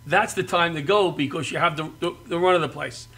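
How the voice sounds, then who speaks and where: High, bright-voiced animated storytelling man. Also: brisk. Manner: animated, loud when acting out quotes, laughing. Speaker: comedian guest. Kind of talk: storytelling on a talk show.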